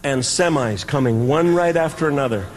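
A man performing stand-up comedy, telling a story with dramatic pauses and sound effects, recorded live in a large hall. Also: medium pitch, animated. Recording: live hall with audience ambience.

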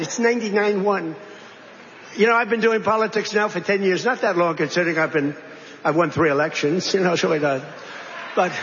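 Male politician, high voice, digressive and repetitive delivery, long hall echo, dull lo-fi sound. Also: a bit bright, slight background noise. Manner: digressive, repetitive, conversational asides. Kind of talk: rambling political speech.

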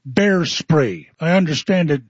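A male talk radio host spins a folksy anecdote with a wry, knowing delivery. His voice sits a little high, and the sound is dry and close. The broadcast has a dull, narrow tone. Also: animated, a little slow, husky, no room sound. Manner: folksy, wry storytelling with acted quotes. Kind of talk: storytelling radio monologue.

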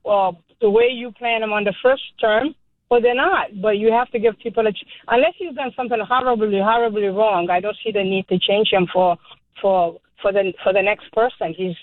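A woman's voice: mid-range voice, no room sound. A woman caller with a Cape Verdean accent, talking emphatically and skeptically on a call-in radio show. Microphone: phone. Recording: tinny phone line.

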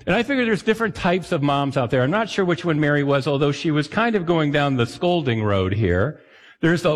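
A man's voice: fairly high pitch, expressive, fairly quick, big-room sound. A man preaching a sermon as a pastor, talking to his listeners in a conversational way with self-deprecating asides.

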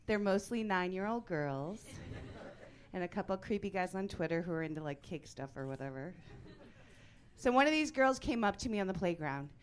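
Deadpan woman comedian, lowish voice. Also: normal speed. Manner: deadpan, then bursts of loud mock outrage. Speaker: stand-up comedian. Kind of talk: stand-up comedy set. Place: comedy club stage before a live audience.

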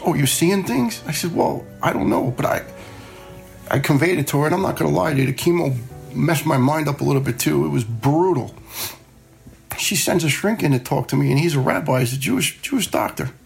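A man's voice: fairly high pitch, gravelly. A middle-aged man telling his own story in a plainspoken, conversational way, playing out the voices of people he quotes. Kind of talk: personal story told on a radio show.

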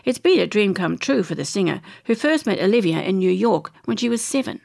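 A woman's voice: medium pitch, lively intonation, brisk, vocal fry, a little mellow. An Australian woman reading entertainment news articles aloud, chatting and adding her own opinions between passages. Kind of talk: reading magazine articles aloud with casual asides.

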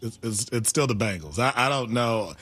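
A man co-hosting sports talk radio, hesitant and quiet. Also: medium pitch, lively intonation, moderate pace, breathy edge, faint music behind. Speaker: co-host.

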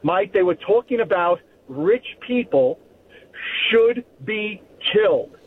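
A man calls in over a tinny phone line with faint noise. His voice sits high, and he talks earnestly, stumbling and repeating himself. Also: lively intonation, takes it slowly. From New York. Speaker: caller. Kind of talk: phone-in call.

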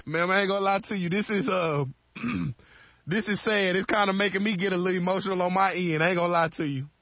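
A man's voice: high voice, fairly even intonation, fast talker, a bit bright. A man on a radio morning show posing as a police officer in a prank call, talking in a drawling, mock-stern, teasing way. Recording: dull, lo-fi broadcast sound.

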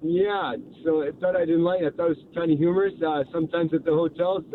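An older man calling in to a radio show, talking in a rambling, halting way. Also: on the high side, fairly even intonation. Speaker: caller. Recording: noisy phone line from a moving vehicle.

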